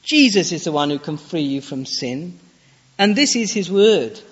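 A man's voice: fairly high pitch, sing-song, normal speed, slightly rough. A man preaching a sermon in a church, challenging his listeners with direct questions. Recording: dull lo-fi recording with long church reverb.

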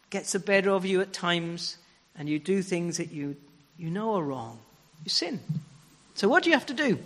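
Male preacher, high and very lively delivery, emphatic repetition, long hall reverb. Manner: emphatic, repeating key phrases, rising and falling sharply. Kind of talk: sermon.

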